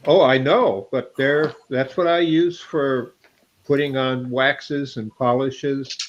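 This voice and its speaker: A man's voice: medium pitch, steady tone, slow pace. Rambling older man, muffled call audio. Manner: rambling, self-deprecating, laughs often. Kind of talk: casual chat. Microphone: video call.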